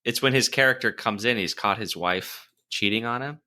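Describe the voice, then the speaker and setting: Low, bright-toned man laughing through film talk. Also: normal speed. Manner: animated storyteller who laughs freely. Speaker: podcast co-host. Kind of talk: casual film review chat.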